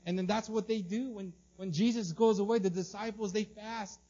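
A male pastor preaches with a high, lively voice, slipping into the voices of the people in the story as he goes. He repeats and restarts his words often. The recording sounds slightly dull. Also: normal speed. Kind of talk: sermon.

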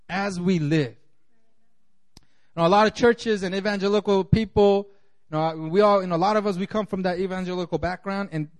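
A high-pitched man preaches a sermon as a pastor, speaking conversationally with lots of "you know." He acts out the voices of the people he quotes.

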